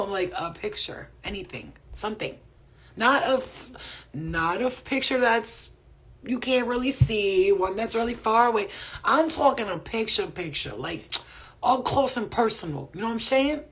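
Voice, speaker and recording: A woman's voice: medium pitch, normal speed, slight background noise. A woman hosting a casual spiritual livestream, reading viewer comments, laughing often and swearing freely. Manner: profane, laughing often, animated.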